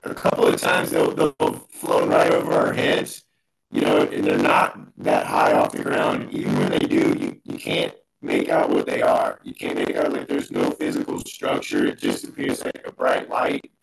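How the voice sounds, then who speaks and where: A man's voice: very deep voice, lively intonation, moderate pace, vocal fry, rough recording. A man describing sightings in a matter-of-fact way, his voice garbled into a robotic sound by a bad connection. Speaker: panel guest. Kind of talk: casual panel chat.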